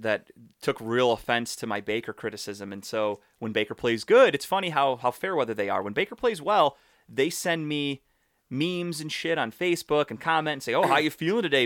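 A man's voice: medium pitch, brisk, no room sound, clean studio sound. A man from ranting about football in casual, profane sports talk as a podcast co-host. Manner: blunt, profane, animated ranting.

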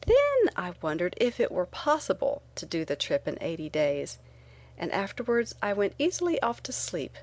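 A woman reading a first-person memoir aloud in a measured, earnest way. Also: on the low side. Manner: measured, earnest reading with lively quoted lines. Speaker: narrator. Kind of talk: audiobook narration of a memoir.

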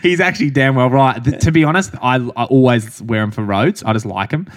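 A man's voice: mid-range voice, brisk. An Australian man co-hosting a running podcast, telling stories in casual chat, swearing freely and laughing as he goes. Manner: chatty storytelling, swears freely, laughs as he talks. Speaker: podcast co-host, runner.

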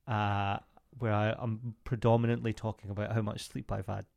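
A man's voice: lowish voice, flat delivery, normal speed, creaky, darkish tone. A man in his thirties co-hosting a podcast, telling stories about himself in casual chat and poking fun at himself. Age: 30s. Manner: jokey, self-mocking storytelling. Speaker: podcast co-host.

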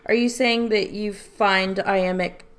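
A woman's voice: medium pitch, fairly even intonation, slow pace. A woman in casual conversation, frankly critiquing a poem and asking pointed questions. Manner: frank, questioning, laughs easily. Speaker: reader giving feedback.

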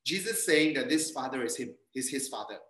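A man's voice: mid-range voice, animated, brisk, fairly bright tone, roomy sound, rough recording. A man preaching a sermon, earnest, repeating key phrases and speaking to the congregation as friends. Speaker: pastor. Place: church hall.

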